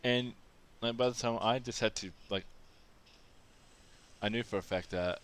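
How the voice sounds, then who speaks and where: A man from Australia tells a casual, rambling anecdote, restarting phrases and drifting into asides. His voice sits at an ordinary middle pitch and has a smooth, resonant tone. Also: unhurried, a bit bright. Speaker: vlogger telling anecdotes. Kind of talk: casual storytelling monologue.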